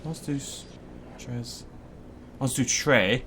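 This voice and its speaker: A man's voice: mid-range voice, very slow, very noisy. Young man rambling through game commentary. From Wales. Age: young adult. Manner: rambling and jokey, laughs often. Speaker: gaming video host. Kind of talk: casual let's-play commentary.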